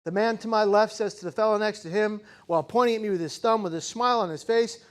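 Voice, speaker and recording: A man with a high voice delivers a speech to a live audience, telling a gripping personal story. His delivery is dramatic, rising to intense peaks and then dropping to hushed, slow emphasis. He often turns to the crowd with rhetorical questions. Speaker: keynote speaker.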